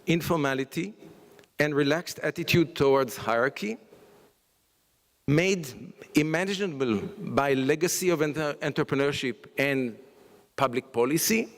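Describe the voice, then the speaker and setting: A man, a scientist and professor, giving a summit talk in a halting way, full of restarts, fillers, "sort of" and "okay?". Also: a little high. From Israel. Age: older. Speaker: conference speaker. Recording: long reverb of a large hall.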